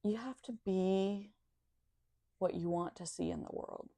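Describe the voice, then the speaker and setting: A woman's voice: medium pitch, a little slow, gravelly, dark tone, no room sound. A woman talking in a casual monologue, sardonic and profane.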